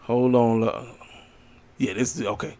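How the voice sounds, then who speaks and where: A man's voice: mid-range voice, fairly even intonation, a little slow, dark tone. Tired, blunt man giving wrestling picks. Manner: blunt, opinionated, rambling with fillers. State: tired, yawning late at night. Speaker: wrestling commentary channel host. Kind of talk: casual solo predictions video.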